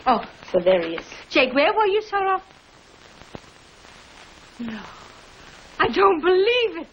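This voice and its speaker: A bustling high-voiced New mother. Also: sing-song, unhurried, highs cut off, slight background noise, full character voice. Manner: chatty, fussing, quaint mixed-up phrasing. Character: bustling motherly middle-aged housewife, warm and busybody. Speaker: housewife and mother. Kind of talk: 1950s TV sitcom acting.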